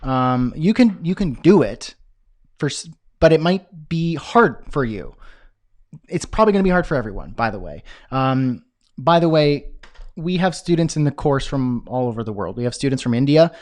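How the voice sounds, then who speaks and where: An energetic man coaching freelancers on business in a live stream, repeating key phrases and answering viewer comments as he goes. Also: medium pitch, moderate pace. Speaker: web design business coach.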